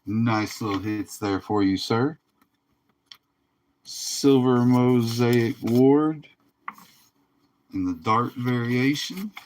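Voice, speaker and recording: Weary male stream host, slow and easygoing, chuckles between card reveals. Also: mid-range voice, a little mellow, slight background noise. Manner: laid-back, drawling, laughs often. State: tired, yawning. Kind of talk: casual livestream commentary.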